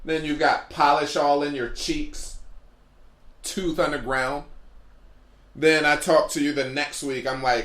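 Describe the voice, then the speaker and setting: Podcast host, male, bright edgy tone, wandering comedic monologue full of tangents. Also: a little high, steady tone, a little slow, long pauses. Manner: rambling, goes off on tangents. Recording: roomy echo.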